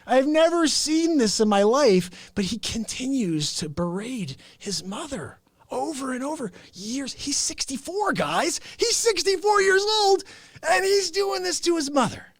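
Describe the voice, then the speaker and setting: A man hosting his show with an improvised, rambling comic rant, mock-indignant and animated. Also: very high-pitched, unhurried, dry recording, studio quality. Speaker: host.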